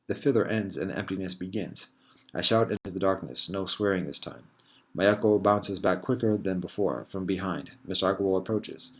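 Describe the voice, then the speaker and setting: Deep-voiced man reading his own story. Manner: measured, reflective reading with soft pauses. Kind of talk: literary first-person reading.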